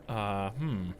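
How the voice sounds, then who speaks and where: A man's voice: on the low side, slight background noise. A man streaming a strategy game, chatting with his viewers in a rambling, joking way and laughing often. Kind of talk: casual gameplay stream commentary.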